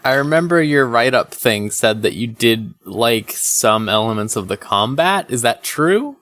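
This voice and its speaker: A man's voice: mid-range voice, expressive, measured pace, a bit bright, no echo. A man co-hosting a casual gaming podcast, teasing the others and laughing easily. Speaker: podcast co-host.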